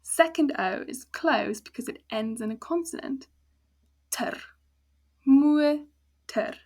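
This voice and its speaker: A woman's voice: fairly high pitch, animated. A woman with a South African accent teaching a language lesson, patiently breaking words into sounds and syllables. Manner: patient, slow explaining with spelled-out sounds. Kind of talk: casual spoken lesson.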